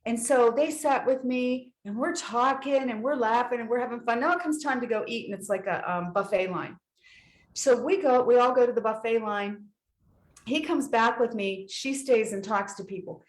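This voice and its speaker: A woman's voice: a little high, moderate pace, echoey room, low-quality recording. A woman podcast guest telling a funny story in casual chat, acting out what people said. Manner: lively storyteller, acts out quoted voices.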